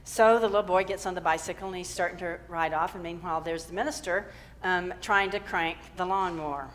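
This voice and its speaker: A woman's voice: on the low side, fast talker, fairly bright tone, long reverb tail. A woman minister giving a sermon in a church, storytelling with easy humor and encouragement. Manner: encouraging, uplifting. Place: church sanctuary.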